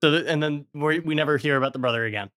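A man's voice: a little high, racing, a bit bright. A young man co-hosting a podcast, animatedly retelling a story in casual chat with frequent laughs. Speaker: podcast co-host.

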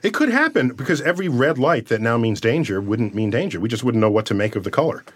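Lively, expressive man telling stories. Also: mid-range voice, fast, breathy edge. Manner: animated, storytelling, laughs often. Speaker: guest astrophysicist. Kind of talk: casual interview chat.

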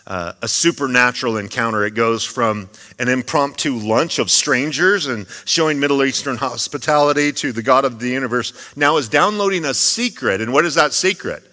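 Bright-voiced male pastor in a reverberant church. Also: medium pitch. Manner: conversational, joking asides. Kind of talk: sermon. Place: church sanctuary. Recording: long reverb of a church hall.

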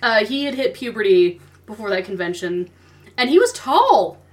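A woman's voice: mid-range voice, very animated. A woman hosting a podcast, telling stories in a chatty, bubbly way. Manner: chatty storytelling, fast and bubbly. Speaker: podcast host. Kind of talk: casual chat.

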